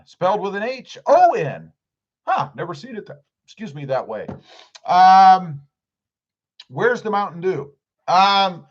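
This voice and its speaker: A man's voice: a little high, dull audio. A middle-aged man hosting a casual live stream, reading viewer comments aloud and answering them with jokes. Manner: chatty, jokey, reads comments aloud. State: clearing his throat.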